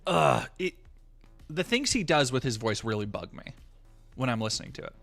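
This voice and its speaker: A man's voice: mid-range voice, very animated, a little fast, fairly bright tone, soft background music. A young man chatting on a live stream in a rambling, profane, jokey way, often restarting his sentences. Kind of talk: casual live-stream chat.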